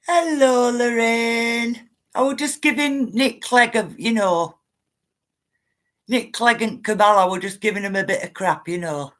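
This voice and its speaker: A woman's voice: mid-range voice, normal speed, a bit bright. A woman, chatting live to viewers, greeting them by name and ranting now and then. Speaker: livestream host. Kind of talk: casual livestream chat.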